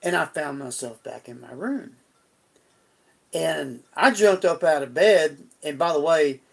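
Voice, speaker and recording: A man's voice: medium pitch, vocal fry. A middle-aged man on a live stream, telling a personal story in a folksy, rambling way with frequent restarts.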